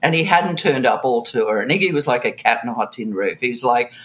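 Animated middle-aged woman telling a story. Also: extremely low pitch, brisk. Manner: animated, acts out quotes, swears freely; laughs often between phrases. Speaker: guest, live sound engineer. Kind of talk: casual storytelling anecdote.

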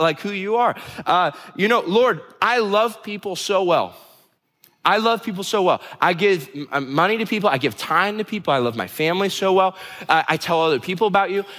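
A preacher playing a self-assured young man who rattles off his beliefs and good deeds in an eager, stammering rush. The voice is bright and carries a long hall reverb. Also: high voice.

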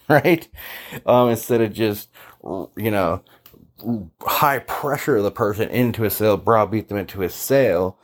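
A man with a somewhat low voice tells his story in a loose, chatty way, full of fillers. He jumps into the voices of the people he quotes. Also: unhurried. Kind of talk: casual storytelling monologue.

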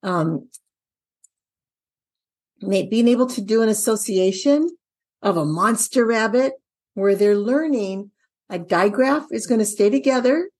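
A middle-aged woman who trains dyslexia teachers, walking through a spelling lesson out loud and asking the viewer questions as she goes. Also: medium pitch, slightly rough. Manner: talks herself through each step, asks viewers questions. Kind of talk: casual instructional walkthrough.

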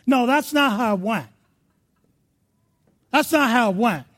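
A male pastor preaching a sermon with passion, moving between hushed stretches and loud ones. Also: very high voice, animated, a little slow, pauses often.

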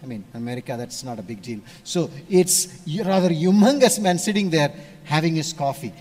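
A man from India, preaching a sermon and telling stories, switching between loud emphasis and hushed asides. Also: fairly high pitch, fairly quick. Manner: storytelling, animated shifts between loud and hushed.

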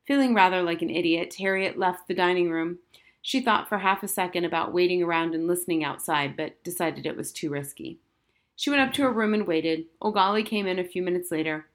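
A woman's voice: fairly low pitch, brisk. A woman narrating a children's novel as an audiobook reading.

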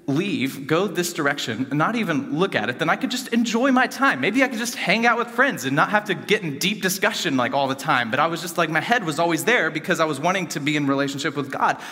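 A young man giving an earnest personal testimony to a gathering, rambling with many fillers and swinging between animated and hushed. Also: on the high side. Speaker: student speaker giving a testimony. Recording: reverberant hall.

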